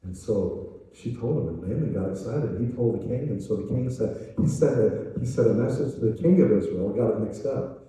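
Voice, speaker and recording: An older man, an evangelist preaching a sermon, telling a story in an animated way and acting out its voices. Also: on the low side, normal speed. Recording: echoey hall, voice from a distance.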